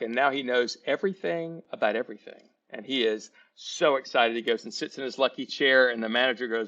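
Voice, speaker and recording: A man's voice: medium pitch, a bit bright, highs cut off. Folksy male sales trainer telling a story. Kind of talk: storytelling lesson.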